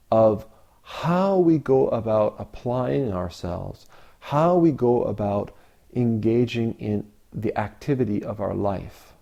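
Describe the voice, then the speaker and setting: A man giving a reflective Zen dharma talk, asking rhetorical questions with long pauses. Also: mid-range voice, mellow. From Canada. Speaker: Zen teacher.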